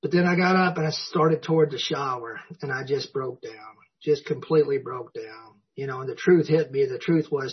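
A man's voice: mid-range voice, normal speed, few pauses, breathy edge. A man sharing his personal story at a recovery meeting, a folksy, self-mocking storyteller who chuckles often. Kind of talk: personal story told to an audience. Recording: dull lo-fi recording.

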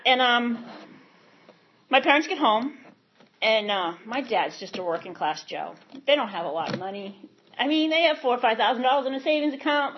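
A woman with a husky voice sharing a candid personal recovery story at a meeting, frank and rambling, correcting herself as she goes. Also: a little high. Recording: dull lo-fi recording.

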